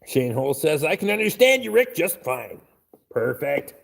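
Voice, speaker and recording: Man, gravelly voice, lively pitch swings, crude and profane live stream chatter. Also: normal speed. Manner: crude, blunt, swears constantly. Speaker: live streamer reading chat.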